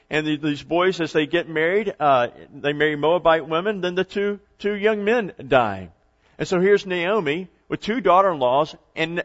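A man preaching a sermon, retelling and explaining a story in a conversational way. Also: fairly high pitch. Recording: dull lo-fi recording.

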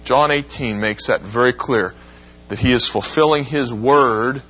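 A man teaching a Bible class, lecturing in a lively way and acting out quoted lines. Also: a little slow, slightly rough, dull audio. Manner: animated, acts out quotes with rising pitch.

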